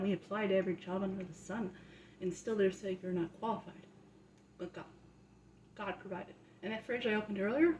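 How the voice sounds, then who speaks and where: A woman's voice: mid-range voice, darkish tone. A young woman at home, telling a faith story in chatty, casual talk that grows fervent and preachy, often asking "right?". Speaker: vlogger sharing a faith testimony. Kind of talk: casual testimony turning to preaching. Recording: echoey room, faint background noise.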